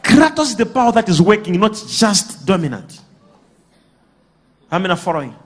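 Male preacher, high and lively voice, animated delivery with sudden shouts and call-and-response. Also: moderate pace, slightly rough. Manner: animated, bursts into shouts and laughter.

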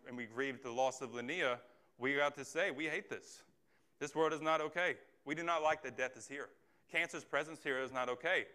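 A man's voice: medium pitch, bright, forceful tone. A man preaching a sermon as a pastor, earnest and conversational, often asking the listeners rhetorical questions.

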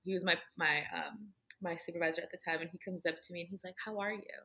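A woman's voice: fairly low pitch, fairly even intonation, fast talker, vocal fry, sharp tone. A woman talking casually about her faith, telling earnest personal stories and filling her speech with "like". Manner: earnest storytelling, heavy use of "like".

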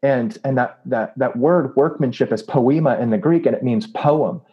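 A man's voice: medium pitch, moderate pace, husky, lo-fi sound. A man telling a story in a casual interview, earnest and full of fillers. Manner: earnest, with many fillers and laughs. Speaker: anti-trafficking activist and preacher.

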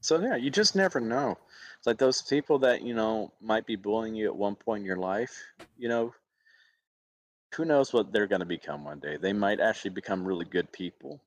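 A man's voice: lowish voice, normal speed. A man from Alabama, an actor, telling personal stories in a casual interview. He laughs often and acts out other people's voices.

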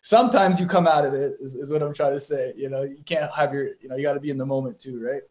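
Young man, boxer guest, rambling talk, lots of swearing and fillers, medium pitch. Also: fairly even intonation, quick pace, a little mellow. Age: young adult. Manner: rambling, profane storytelling with many fillers. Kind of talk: casual conversation.

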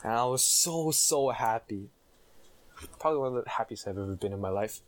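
A man's voice: mid-range voice, expressive, fairly quick. A young man co-hosting a casual podcast chat, swearing freely and saying "right?" and "like" often. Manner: casual, profane, frequent "right?" and "like". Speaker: podcast co-host.

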